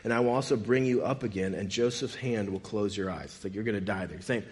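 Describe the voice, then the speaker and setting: A man's voice: mid-range voice, fast talker, hardly any pauses. Man retelling a Bible story casually. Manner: conversational, animated retelling with quoted dialogue.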